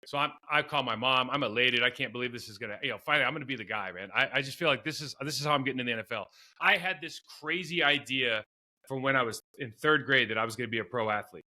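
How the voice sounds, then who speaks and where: Bright-voiced former football player telling stories. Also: male voice, medium pitch, fast talker. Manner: rambling, self-deprecating storyteller with many restarts. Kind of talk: storytelling in a podcast interview.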